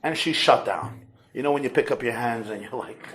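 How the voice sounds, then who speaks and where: A man's voice: medium pitch, fairly quick, a bit bright, a little hiss or hum. A rabbi giving a lecture to a large audience, telling stories animatedly and joking with his listeners. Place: community center hall.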